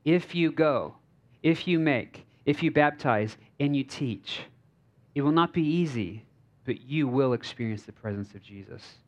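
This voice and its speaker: Joking pastor preaching casually. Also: male voice, mid-range voice, lo-fi sound. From United States. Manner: casual and joking, with many fillers and checks on the crowd. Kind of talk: conversational sermon. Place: church stage.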